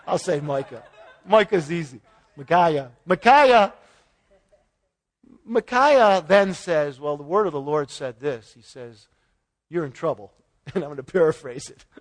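A man giving an informal Bible teaching, retelling the story in a folksy way with paraphrased dialogue and chuckles. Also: a little high. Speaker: preacher.

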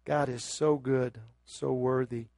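A man preaching a sermon, moving from quiet scripture reading to loud, emphatic exhortation. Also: mid-range voice, fairly even intonation, takes it slowly, gravelly, no room sound, studio quality. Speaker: pastor.

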